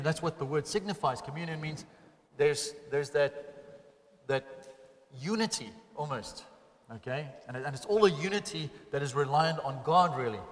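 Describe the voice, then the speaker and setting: A man preaches a sermon with a fairly high voice, rising to loud, emphatic peaks and then dropping to quiet, close asides. His voice carries a long reverb, as if filling a church hall. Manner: earnest preaching, swings between loud emphatic and quiet intimate. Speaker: pastor.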